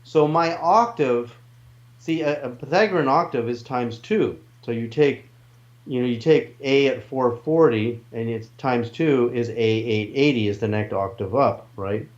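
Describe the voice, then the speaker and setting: A man's voice: mid-range voice, a little slow, lo-fi sound. A man in an interview, earnestly explaining his ideas with restarts and asides. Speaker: interview guest, researcher.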